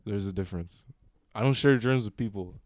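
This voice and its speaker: Animated young man telling stories. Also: a little fast, dry recording, studio quality. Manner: animated storyteller, jumps into high voices when quoting others. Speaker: podcast co-host. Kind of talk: casual chat.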